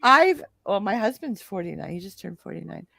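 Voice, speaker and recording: A woman's voice: mid-range voice, big pitch swings, a little fast, gravelly, pushed and bright, dry recording. A woman in her fifties talking in an emphatic, profane way in a casual chat, often laughing. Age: 50s.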